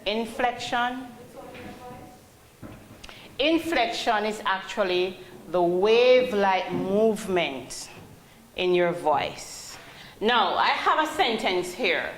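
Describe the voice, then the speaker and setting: A woman's voice: medium pitch, lively intonation, slow pace, pauses often. A woman teaching a call-centre class, calling on students and asking them questions. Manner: calls on students, asks questions. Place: training classroom. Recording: roomy classroom, faint hum.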